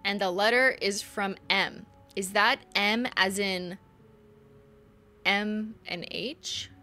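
Bright-voiced woman streaming a game; casual, giggly, chats to viewers. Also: mid-range voice, slow pace. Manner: chatty, laughs often, reads game text aloud. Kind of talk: casual gameplay commentary.

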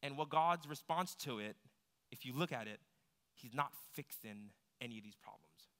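A man's voice: mid-range voice, expressive, moderate pace, fairly bright tone. A man preaching a sermon in a conversational way, climbing to emphatic, pressing peaks. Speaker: pastor. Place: church hall. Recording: long hall reverb.

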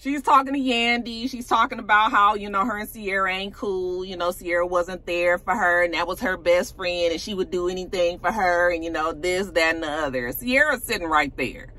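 A woman's voice: mid-range voice, fairly quick, few pauses, sharp tone. A woman casually recapping a reality TV episode, chatty and sassy, with "you know" asides and laughs as she talks.

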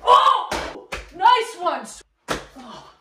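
A woman's voice: very high-pitched, very animated, drawn-out words, background noise, heavily acted. A woman in a comedy sketch playing a restless, upbeat worker who can't sit still, talking in a bubbly, peppy way. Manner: bubbly and peppy, jumping between ideas.

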